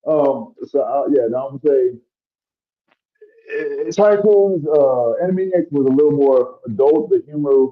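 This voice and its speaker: A man's voice: medium pitch, animated, normal speed, narrow, tinny audio. A man co-hosting a podcast in casual chat, rambling with lots of fillers as he makes his point. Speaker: podcast co-host.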